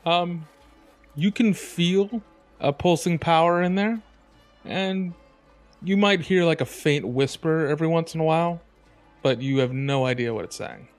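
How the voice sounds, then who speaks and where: Game master with a higher male voice. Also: a little slow, dry recording, faint music behind. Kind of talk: describing the game world and calling for rolls.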